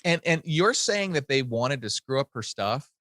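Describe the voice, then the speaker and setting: A man cohosting a podcast in casual chat, giving quick replies and thinking aloud with restarts. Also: mid-range voice, lively intonation, bright, forceful tone, no room sound.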